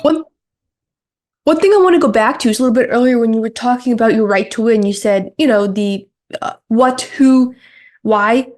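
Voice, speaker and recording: Woman host, casual chat, higher pitch, agreeable. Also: moderate pace, a little mellow. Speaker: podcast host.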